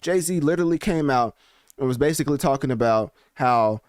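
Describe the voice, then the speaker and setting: Slangy, animated man commentator. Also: medium pitch, brisk, no room sound, clean studio sound. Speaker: commentary channel host. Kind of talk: casual news commentary.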